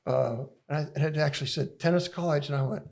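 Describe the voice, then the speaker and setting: An older man with a gravelly, husky voice talks loosely and at length as a guest, circling back and restarting his sentences. He sounds like someone recounting memories in easygoing conversation. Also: medium pitch, fairly even intonation, quick pace. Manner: rambling storyteller with many restarts and laughs. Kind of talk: casual conversation.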